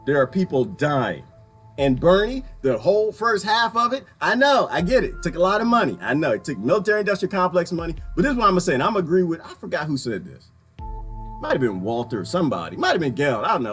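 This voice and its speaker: A man giving a casual, animated political rant to his viewers, laughing often and swinging between loud and quiet. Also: a little high. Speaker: video commentator.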